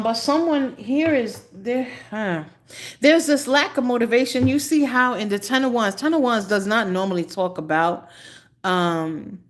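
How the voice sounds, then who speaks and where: A woman tarot reader talks through a live reading in an unhurried, chatty way. Her voice sits at a middle pitch, and she sounds choked up, stopping now and then to clear her throat.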